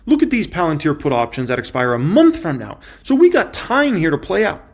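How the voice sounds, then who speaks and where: A man giving casual stock market commentary in an emphatic, excitable way, repeating his points for effect. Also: on the high side, a little fast.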